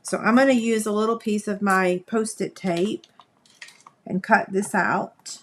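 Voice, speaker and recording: A woman's voice: medium pitch, fairly even intonation, a little slow. A woman, hosting a live craft demonstration, chatting folksily with viewers as she works. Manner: chatty, folksy, talks to viewers while working. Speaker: crafting livestream host.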